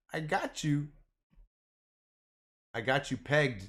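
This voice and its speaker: A man chatting casually through a trading livestream, rambling and excitable, calling his viewers "boys" and "man". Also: a little high, measured pace, pauses often. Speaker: stock trading streamer. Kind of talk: casual livestream chat over charts.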